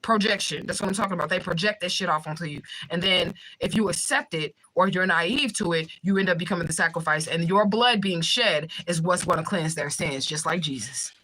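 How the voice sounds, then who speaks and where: A young woman hosting a livestream, talking fast and bluntly with swearing while she reads out viewer comments. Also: lowish voice, bright, forceful tone, poor audio. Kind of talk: fast casual livestream talk.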